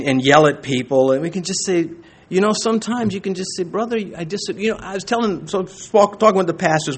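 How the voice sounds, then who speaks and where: A male pastor preaching a sermon in an animated way, acting out quoted voices and laughing between points. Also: fairly high pitch, breathy edge.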